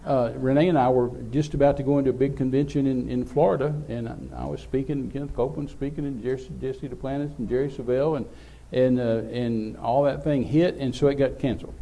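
A man's voice: mid-range voice, steady tone, a little fast, hardly any pauses, dark tone. An older man, telling a rambling, folksy story as a preacher. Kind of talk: sermon storytelling.

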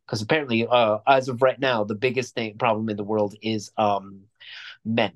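A man's voice: fairly low pitch, flat delivery, moderate pace. A man co-hosting a podcast, chatting casually about movies in a rambling, jokey way. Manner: rambling, jokey, restarts often. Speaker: podcast co-host. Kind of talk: casual movie review chat.

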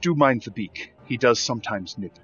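Man voicing a polite falconer, formal and gentle, dull lo-fi sound. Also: medium pitch, normal speed, faint music behind, natural voice. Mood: courteous. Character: courteous falconer man, calm and gracious.

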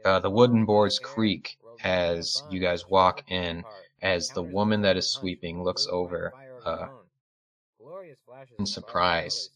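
Bright-voiced man running a tabletop game. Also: low voice, steady tone, slow. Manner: casual, filler-heavy narration. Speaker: game master.

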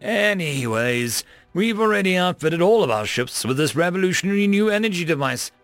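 A man's voice: high voice, sing-song, moderate pace, fairly bright tone, no room sound, faint music behind, pitched above the performer's own voice. A man voicing a careless male admiral who gives orders and talks about a disaster in an offhand way. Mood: nonchalant. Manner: breezy, offhand, bossy.

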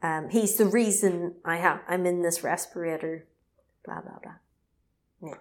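Laughing woman recapping a game. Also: fairly low pitch. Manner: animated, laughs often, quick asides. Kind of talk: casual chat recapping a video game.

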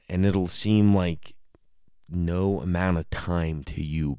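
Low-voiced rambling comic storyteller man. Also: flat delivery, takes it slowly, darkish tone, smooth, no room sound, clean studio sound. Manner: rambling, self-interrupting, profane. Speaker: solo podcast host. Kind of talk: casual comedic storytelling.

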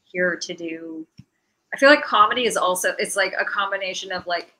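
A woman's voice: lowish voice, fairly quick, sharp tone. A woman comedian in a casual podcast chat, talking in loose phrases packed with fillers. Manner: filler-heavy, laughing asides. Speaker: comedian host.

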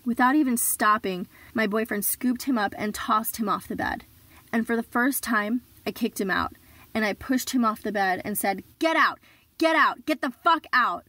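A woman telling a personal story in an earnest, measured way, with sudden shouted outbursts when she quotes herself. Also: on the high side, no echo. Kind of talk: personal story told live.

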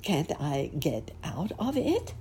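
A woman voicing Uncle Wiggily, a kindly, fussy old gentleman rabbit who frets politely. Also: deep voice, huge pitch swings, slow pace, a little hiss or hum, heavily acted. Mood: worried. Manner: fretful, polite.

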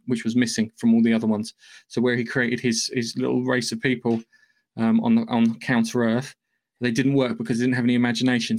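A man's voice: mid-range voice, darkish tone. Rambling man recapping a plot. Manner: rambling, loose and profane storytelling. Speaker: podcast host. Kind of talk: casual podcast plot recap.

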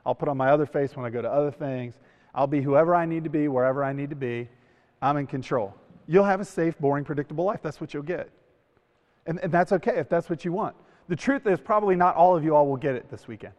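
Youth speaker: a man with a slightly high voice, animated storyteller, long hall reverb. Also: a little fast. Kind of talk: sermon to a youth camp.

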